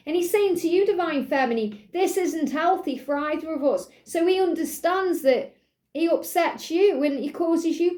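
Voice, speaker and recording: A woman's voice: high-pitched, warm tone. A woman giving an earnest channeled card reading, repeating and quoting a partner's message. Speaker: tarot and oracle card reader.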